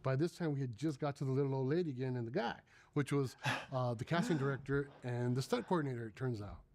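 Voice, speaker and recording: A man's voice: mid-range voice, fast talker. A man in his thirties casually telling a long story, acting out the other people's voices. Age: 30s. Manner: animated, acts out voices in quotes.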